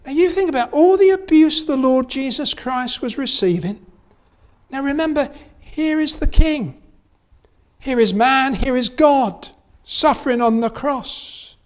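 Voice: sits high, unhurried. A preacher delivering a sermon with emphatic delivery that rises to fervent peaks, reading scripture aloud in King James wording.

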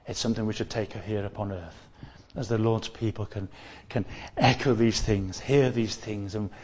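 A man's voice: lowish voice, normal speed, a little mellow, highs cut off. A man preaching a sermon in an earnest way, often restarting and repeating phrases as he stresses key words.

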